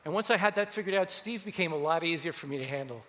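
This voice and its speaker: A man giving a keynote talk, telling stories in an animated way. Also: on the high side, quick pace. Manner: animated, acts out quoted voices. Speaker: keynote speaker. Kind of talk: keynote storytelling. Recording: long hall reverb.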